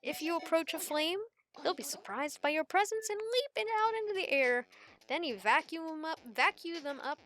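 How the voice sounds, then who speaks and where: Woman doing an eccentric old professor, folksy lecturing, sonny-and-feller talk, high bright voice. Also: animated, moderate pace, faint music behind.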